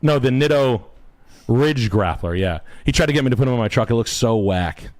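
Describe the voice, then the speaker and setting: A man's voice: medium pitch, animated, a little fast, a little mellow. A man co-hosting a talk show, trading crude, profane banter and slipping into mock voices. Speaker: podcast co-host.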